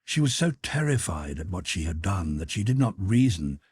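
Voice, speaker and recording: A man narrating a classic novel as an audiobook in a measured, expressive reading. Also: deep voice, a little hiss or hum.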